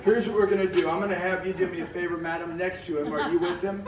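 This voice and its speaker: On stage before a live audience, a male magician and variety performer keeps up a fast, steady-toned run of jokey, cowboy-style folksy patter, chuckling frequently in his fairly high voice. Crowd noise can be heard. The recording is roomy and distant, with faint noise, as if the mic sits well back in an echoing hall.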